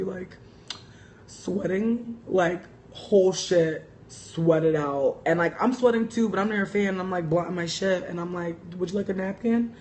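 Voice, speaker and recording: On her casual livestream, a young woman with a lowish voice tells profane, lively stories full of "like" and laughter as she reads viewer comments. There's a little hiss or hum in the recording.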